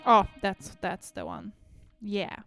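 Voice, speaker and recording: A woman's voice: mid-range voice, slow pace, creaky. A woman talking to herself as she produces music at home, muttering, humming and now and then swearing. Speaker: music producer streaming a work session. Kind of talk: casual self-talk while producing music.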